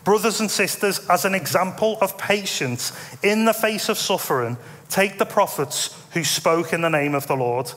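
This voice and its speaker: A man's voice: high voice, normal speed. Man preaching in a reverberant hall. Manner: conversational, self-deprecating, animated asides. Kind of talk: sermon. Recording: long reverb in a large hall.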